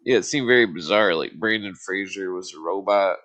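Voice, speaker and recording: A podcast host with a very deep voice and a bright, forceful edge. He drawls slowly and reacts with easy amazement. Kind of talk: casual chat.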